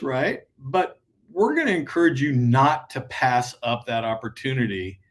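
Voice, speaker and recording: A man co-hosting an advice podcast, talking in an animated way, acting out imagined conversations and checking in with "right?". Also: medium pitch. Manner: peppers sentences with "right?". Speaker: podcast co-host and transition advisor.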